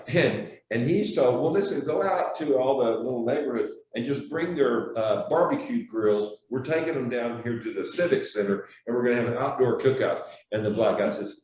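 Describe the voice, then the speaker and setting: A man's voice: mid-range voice, lively intonation, normal speed, a little mellow. A man teaching an adult Sunday school class, telling stories in a chatty way, laughing often and repeating words as he goes. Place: church classroom. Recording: echoey room, far from mic, faint hiss.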